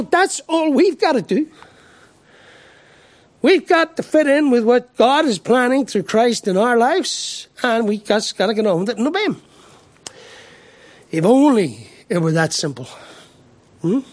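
A man's voice: very high-pitched, expressive, measured pace, long pauses, no room sound. An Irish man preaching a sermon, emphatic, asking rhetorical questions and often repeating his first word as he restarts. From Ireland.

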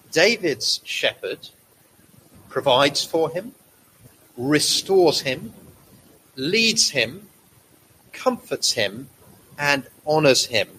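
A man preaching a sermon, measured and slowing down to stress key words. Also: medium pitch, sharp tone, a little hiss or hum, rough recording.

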